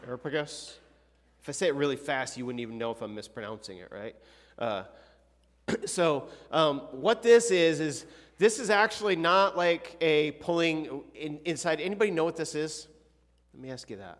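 At a moderate pace, a man with a slightly higher voice teaches a youth Sunday school class, a casual Bible lesson delivered in a relaxed, conversational manner. He often clears his throat and poses questions to the students, and his voice rings with a church hall's long reverb.

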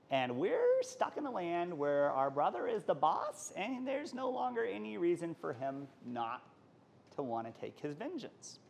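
A man leads a college Sunday school lesson in a relaxed, conversational way, with a voice pitched a bit above most men. He drops into quick asides and acts out the lines he quotes from the text. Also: vocal fry, slightly rough. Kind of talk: Bible lesson to college class.

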